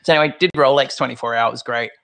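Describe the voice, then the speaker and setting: Australian guest in his thirties, gravelly, animated and chatty. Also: medium pitch, racing. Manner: animated, acts out quoted voices. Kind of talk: casual storytelling chat.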